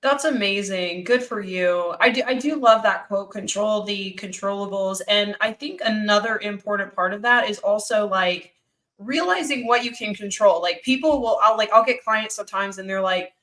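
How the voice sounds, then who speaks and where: A podcast host who also works as a fitness coach talks frankly and emphatically in a casual podcast conversation, using "like" a lot. Her voice is medium-pitched, animated and a bit bright, at a moderate pace.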